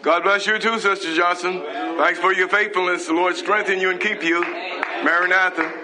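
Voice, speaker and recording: A pastor preaches with fervor, his voice sitting a touch high for a man. He scolds and exhorts, dropping in hallelujahs and praises. The sound of a gathered congregation runs behind him throughout. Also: fairly even intonation, moderate pace, a crowd in the background. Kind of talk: sermon broadcast live.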